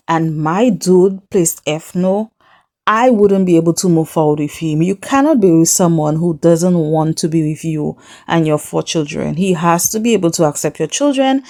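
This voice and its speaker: Sassy woman host, reality tv recap, mellow voice, slightly low pitch, acts out the quotes. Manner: sassy, animated, acts out the people she quotes; speaks straight to the viewer. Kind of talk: casual chat.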